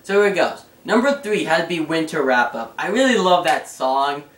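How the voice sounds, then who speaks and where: A young man chatting casually in a vlog, answering fan questions in a rambling, excitable way with lots of fillers. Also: a little high, normal speed, distant mic. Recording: roomy sound, away from the mic.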